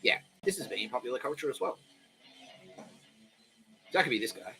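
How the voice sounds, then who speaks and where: A man's voice: mid-range voice, animated, a little fast, pushed and bright, faint music behind, poor audio. A young man hosting a podcast, talking in a rambling, profane, self-mocking way. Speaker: podcast host. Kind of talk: casual solo monologue.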